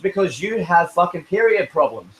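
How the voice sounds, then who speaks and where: Sarcastic high-voiced Australian man. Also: big pitch swings, moderate pace, a bit bright, breathy edge, poor audio. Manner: sarcastic, condescending, interrupts. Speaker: chat panelist. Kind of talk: heated argument in an online group chat.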